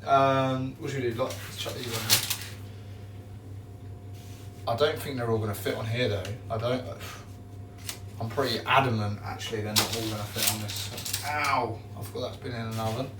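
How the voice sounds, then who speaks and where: A man chatting casually on a live stream while he bakes in his kitchen, excitable and repeating his catchphrases. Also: mid-range voice, moderate pace, far from the mic, noisy background. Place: home kitchen. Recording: roomy echo, away from the mic.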